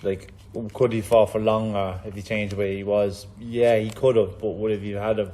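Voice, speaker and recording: A man's voice: on the low side, level tone, moderate pace, mellow. A man hosting a casual interview, asking loose questions with plenty of fillers. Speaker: interviewer, host.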